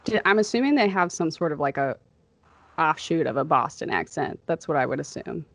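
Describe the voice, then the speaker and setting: A woman's voice: low-pitched, lively intonation, gravelly. A young woman with a slightly nasal Chicago accent, co-hosting a podcast in casual, rambling chat. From American Midwest. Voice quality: somewhat nasal. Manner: rambling, laughs often, quick asides. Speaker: podcast co-host.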